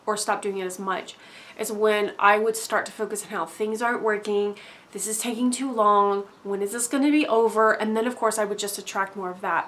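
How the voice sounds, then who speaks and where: A woman's voice: mid-range voice, a bit bright. A woman vlogger telling a casual story-time monologue, rambling and filling her talk with fillers and tag questions.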